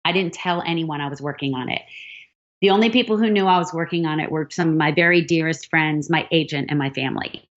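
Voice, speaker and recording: A middle-aged woman novelist, guesting in an interview, tells stories animatedly and acts out the dialogue. Her low voice moves quickly, and the recording has a dull lo-fi sound.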